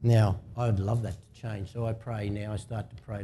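A man's voice: on the low side, flat delivery, normal speed, few pauses, dark tone. A man with an Australian accent preaching a sermon in an informal, talkative way and asking the congregation to answer him. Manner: conversational preaching, asks the congregation to respond. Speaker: pastor.

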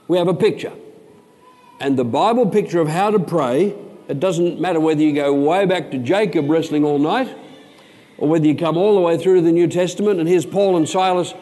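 A man preaching a sermon, slowing down to stress single words. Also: fairly high pitch, a little mellow. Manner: emphatic, slows down to stress words. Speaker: pastor. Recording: long hall reverb.

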